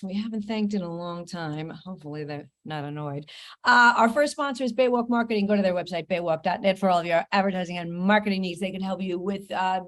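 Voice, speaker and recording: A woman hosting a comedy podcast, chatting and reading ads with quick, self-mocking asides. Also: mid-range voice. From New York, USA. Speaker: podcast host. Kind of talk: casual podcast chat and host-read ads.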